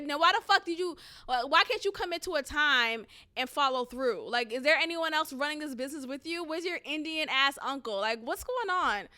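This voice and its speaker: This high-voiced woman rants casually to camera while telling a story, swearing without restraint and laughing between lines. She's blunt and animated, a little fast, with few pauses.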